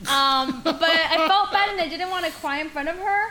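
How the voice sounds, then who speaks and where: A young woman with a high, bright voice tells a story in a casual podcast chat. She is animated, acts out the people she quotes and laughs often. A faint hiss sits under the recording. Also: normal speed. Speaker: podcast co-host.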